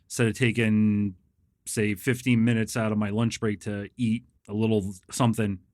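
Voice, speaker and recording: A man's voice: on the low side, flat delivery, normal speed, darkish tone, no echo, clean studio sound. A middle-aged man chatting casually on a podcast, telling laid-back stories and acting out what others said. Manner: laid-back storytelling, acts out quoted people. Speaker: podcast guest. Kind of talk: casual chat.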